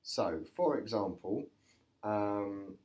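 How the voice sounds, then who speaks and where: Very low-voiced English woman hosting. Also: lively intonation, extremely slow, darkish tone. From England. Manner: playful, quizzing. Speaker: podcast co-host. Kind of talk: casual chat.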